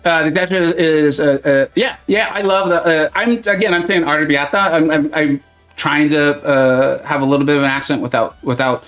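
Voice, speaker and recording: Chatty man, slightly high voice. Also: brisk, faint music behind. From Southern California. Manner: rambling, animated storytelling with many fillers and restarts. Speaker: gaming livestream host. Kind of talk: casual livestream chat.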